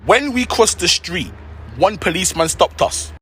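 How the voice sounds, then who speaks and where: A man with an English accent and a slightly raised pitch. His voice is husky, and he tells his story in an animated, slangy way with lively swoops in pitch. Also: normal speed. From England. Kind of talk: storytelling reaction.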